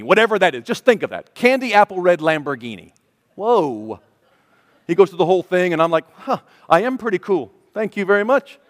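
High-voiced preacher telling a vivid story. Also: male voice, no room sound, clean studio sound, long reverb tail. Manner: storytelling, acting out voices, swinging from hushed to loud. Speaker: pastor. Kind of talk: sermon.

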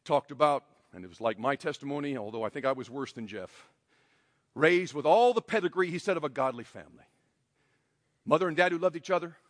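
A male pastor preaching a sermon in a church, emphatic and swinging between loud, raised passages and quiet, hushed ones. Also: fairly high pitch, fairly quick, clean studio sound. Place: church sanctuary. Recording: long hall reverb.

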